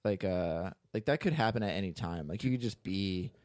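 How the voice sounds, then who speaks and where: A man's voice: sits low, expressive, brisk, darkish tone, no echo. A man co-hosting a podcast in casual chat, rambling with many fillers and frequent laughs. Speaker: podcast co-host.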